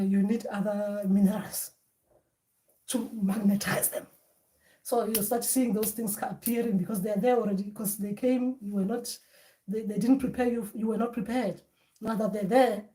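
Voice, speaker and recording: Woman, spiritual teacher, loose and conversational delivery, average pitch. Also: warm tone. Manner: conversational, with many fillers and restarts.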